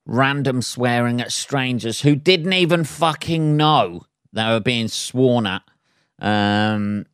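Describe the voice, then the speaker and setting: A man's voice: fairly low pitch, smooth, no echo, studio quality. A man, a stand-up comedian hosting a casual solo podcast, rambling and swearing freely and laughing at his own jokes.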